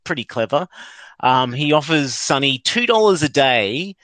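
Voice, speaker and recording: A man talks through a story in a loose, rambling way, with a quick chuckle now and then. His voice is bright and forceful and sits a little high. The sound is dry and close, with no room around it. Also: lively intonation, dry recording. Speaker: podcast host. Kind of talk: casual recap chat.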